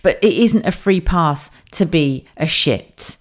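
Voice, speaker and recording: A woman with a deep, expressive voice takes her time hosting a candid solo podcast. She talks frankly and swears freely, and her rambling, self-correcting delivery is full of laughs, asides and restarts.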